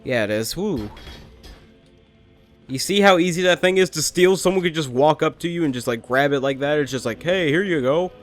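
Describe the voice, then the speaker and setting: A man's voice: a little high, lively intonation, fairly quick, soft background music. A young adult man hosting a let's play, rambling and making sarcastic jokes at the game characters. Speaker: gaming channel host.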